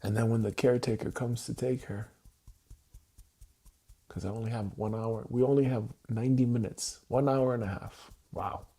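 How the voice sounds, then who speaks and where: A man talking unscripted on a livestream, raw and emotional, halting and repeating his phrases as he restarts them. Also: mid-range voice, fairly even intonation, mellow, slightly rough.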